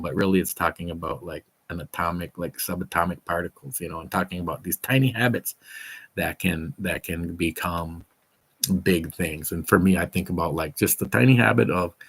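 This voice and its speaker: Very deep-voiced rambling man. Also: vocal fry, fairly bright tone, breathy edge. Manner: rambling, enthusiastic, many fillers and restarts. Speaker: fitness vlogger. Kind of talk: casual chat to camera.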